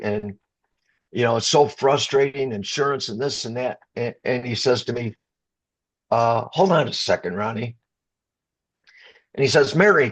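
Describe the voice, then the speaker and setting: A middle-aged man from the Chicago area, a rock singer, telling an emotional story in an interview, stumbling and restarting and getting choked up. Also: medium pitch. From Chicago area, USA.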